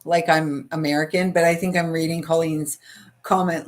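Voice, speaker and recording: A deep, steady voice at normal speed belongs to a middle-aged Canadian woman with a Canadian accent, hosting a spiritual live stream. Soothing and chatty, she reads viewer comments aloud in casual conversation.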